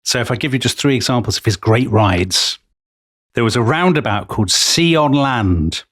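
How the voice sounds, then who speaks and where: A man's voice: medium pitch, expressive, moderate pace, fairly bright tone, no room sound, studio quality. An Englishman co-hosting a history podcast, telling stories with enthusiasm and lots of asides. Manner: storytelling, enthusiastic, full of asides. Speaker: podcast co-host. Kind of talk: casual history podcast chat.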